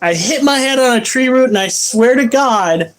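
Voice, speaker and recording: A woman's voice: a little high, lively intonation, moderate pace. Crude, chatty woman telling stories. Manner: crude, laughing anecdotes. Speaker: pet channel host. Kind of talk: casual storytelling chat.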